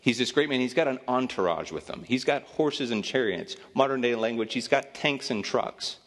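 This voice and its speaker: A man's voice: mid-range voice, expressive, normal speed. A man giving a casual, joking sermon as a pastor, telling a Bible story in an easygoing, conversational way. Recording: long reverb of a hall.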